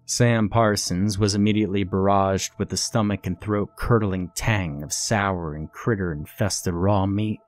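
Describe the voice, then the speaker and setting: A man reading a scripted horror story in a measured, ominous storytelling manner. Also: low-pitched, steady tone, no room sound. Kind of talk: scripted narration. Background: faint music.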